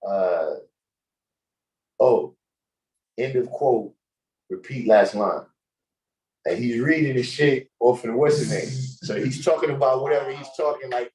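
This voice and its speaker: A man hosting a casual livestream chat, telling stories in an animated, slangy way and laughing often. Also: mid-range voice, a little slow, long pauses, poor audio. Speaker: host.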